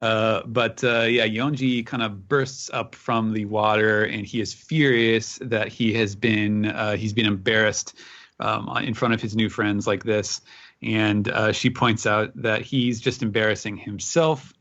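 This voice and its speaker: A man's voice: fairly low pitch, flat delivery, measured pace, a bit bright. Man casually recapping, muffled lo-fi audio. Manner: rambling recap with many filler words. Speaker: podcast co-host recapping a manga chapter. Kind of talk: casual chat.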